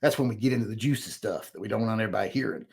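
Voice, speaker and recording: A man's voice: fairly low pitch, racing, gravelly. A middle-aged man hosting a casual chat, reading viewer comments aloud and answering them in a rambling, self-correcting, plain-spoken way. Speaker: host.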